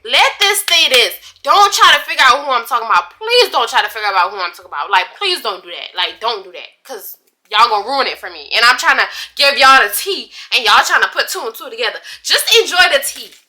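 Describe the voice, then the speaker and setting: A young woman in a casual storytime vlog, chatty and dramatic, using slang and talking straight to her viewers. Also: on the high side. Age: young adult. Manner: chatty, animated, dramatic retelling with asides to viewers; drawled slang, casual speech. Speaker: vlogger.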